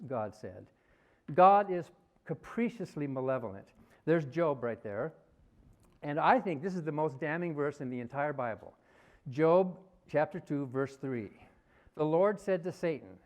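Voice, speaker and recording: A man with a somewhat high-pitched voice speaks at a debate. He recites one quoted passage after another with forceful emphasis, pressing each point home. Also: expressive, unhurried. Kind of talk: debate speech. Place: university hall.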